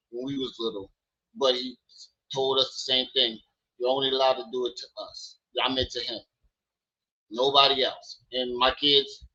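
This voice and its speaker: Guy hosting a home live stream, playful loud teasing with the kids, bright voice, muffled lo-fi sound. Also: medium pitch. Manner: loud playful teasing with his kids, then relaxed talk. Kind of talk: casual live stream chat. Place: at home with children.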